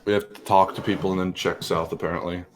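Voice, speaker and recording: A man's voice: sits low, little pitch movement, fast, over music. A man casually chatting while playing a video game, mumbling and trailing off with fillers. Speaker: let's play host. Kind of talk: casual gaming chat.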